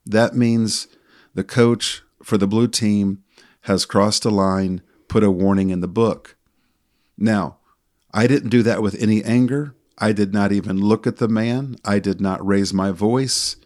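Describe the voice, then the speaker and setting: A middle-aged man co-hosting a podcast, telling a story from his work as a sports official in a calm, measured way. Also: fairly low pitch.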